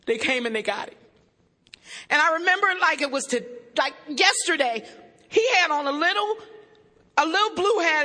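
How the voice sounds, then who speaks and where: A woman's voice: extremely high pitch, sharp tone. A woman on stage telling her recovery story to a meeting, emotional and blunt, joking with the audience into a stage mic. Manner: banters with the audience. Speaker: recovering alcoholic speaker at a meeting. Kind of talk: personal recovery testimony. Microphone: stage microphone. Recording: echoey hall with long reverb.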